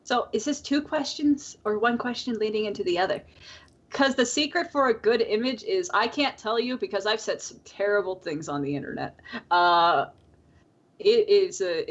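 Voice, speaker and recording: A woman co-hosting a podcast in casual chat, rambling with lots of fillers and frequent laughs. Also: medium pitch. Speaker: podcast co-host. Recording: dull lo-fi call audio.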